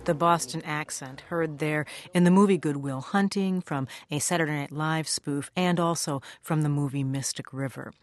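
A woman hosting a radio news program, introducing a guest and interviewing him in a measured broadcast delivery. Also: sits low, no echo.

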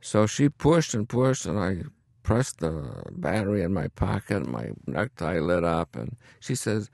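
Gravelly deep-voiced man in his eighties. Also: very animated, takes it slowly, darkish tone, no room sound, studio quality. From upstate New York. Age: 80s. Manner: wry, chuckling storyteller. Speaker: retired country doctor. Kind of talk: storytelling interview.

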